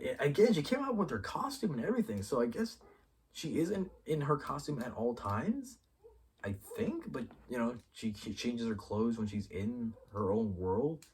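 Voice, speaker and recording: A man hosting his own review show, chatting casually and excitedly, swearing freely and rambling as he thinks aloud. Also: medium pitch, distant mic, a little hiss or hum. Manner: excitable and profane, acts out characters' lines mid-sentence. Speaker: YouTube show host reviewing a TV episode. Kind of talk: casual spoiler review talk.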